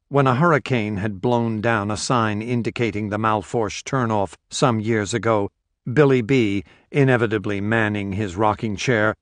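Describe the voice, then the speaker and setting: A man reading a story aloud as audiobook narrator in a steady, measured way. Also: fairly low pitch, dry recording, studio quality. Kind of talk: scripted narration.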